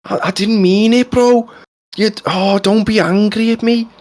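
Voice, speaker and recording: A man imitating an apologetic young Liverpool man in a high, whiny voice. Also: steady tone, unhurried, darkish tone. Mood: pleading.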